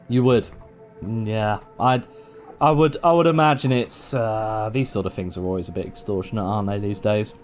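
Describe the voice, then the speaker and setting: A man's voice: fairly low pitch, moderate pace, soft background music. A man casually commenting and joking while playing a game. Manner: rambling, joking, swears casually. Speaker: game streamer. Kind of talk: casual let's-play commentary.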